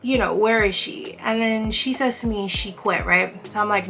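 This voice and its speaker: Bright-voiced woman telling an exasperated story. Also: mid-range voice, normal speed, faint music behind. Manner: animated, exasperated retelling. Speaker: beauty vlogger. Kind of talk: casual storytime while doing makeup.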